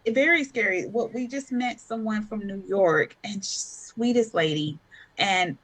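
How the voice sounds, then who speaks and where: A woman, a podcast guest and mother, telling stories in a casual, animated way, acting out quotes with bursts of laughter. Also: medium pitch, unhurried, dry recording. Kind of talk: casual conversational storytelling.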